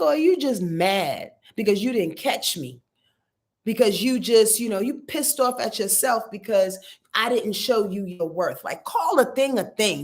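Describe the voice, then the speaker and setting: A woman hosting an astrology live stream in a casual, chatty way, laughing often, talking straight to her viewers and swearing now and then. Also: a little high.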